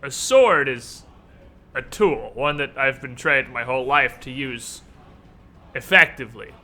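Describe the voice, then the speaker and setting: A man voicing an earnest male army commander trained with the sword, speaking gravely and hesitantly over voice chat. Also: medium pitch, lively intonation, measured pace, sharp tone. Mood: worried.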